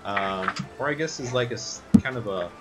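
Low-voiced man running a tabletop game. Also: normal speed. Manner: casual, filler-heavy narration. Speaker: game master. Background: background music.

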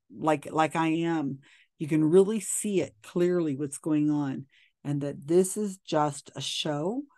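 A woman's voice: sits low, darkish tone, dry recording, studio quality. A woman giving skeptical, blunt video commentary, talking casually with frequent ums and restarts. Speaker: commentator reviewing psychic videos.

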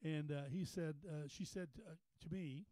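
A man's voice: on the high side, normal speed, mellow, dry recording, rough recording. A man preaching at a Bible study, telling a story in a folksy way with repeated words, rising into fervent preaching. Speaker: pastor. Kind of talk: storytelling sermon. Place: Bible study meeting room.

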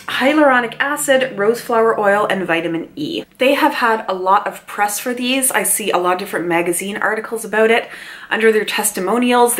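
Chatty woman reviewing beauty products. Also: medium pitch. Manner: chatty and animated, reads details aloud with asides. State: mild cold, mouth breathing. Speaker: beauty vlogger.

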